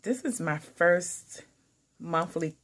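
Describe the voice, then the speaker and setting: A woman hosting a casual unboxing vlog, excitable and gushing with frequent exclamations. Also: lowish voice, slow. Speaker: planner channel host.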